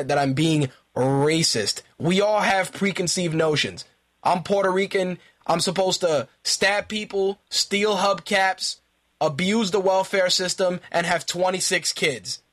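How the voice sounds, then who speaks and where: A man's voice: sits high, a bit bright. A man hosting a talk radio show, ranting in profane, exasperated bursts and repeating himself when worked up. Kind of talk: ranting wrestling commentary.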